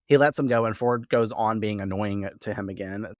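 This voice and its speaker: A man hosting a podcast who recaps a TV episode in a casual, profane and animated way, full of quoted asides. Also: lowish voice, moderate pace. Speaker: podcast host.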